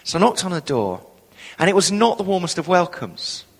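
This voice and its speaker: A man preaching a sermon, telling a story with lively acted-out voices. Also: high-pitched, moderate pace, breathy edge. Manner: animated storytelling, acting out quoted voices. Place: church hall. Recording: long reverb of a church hall.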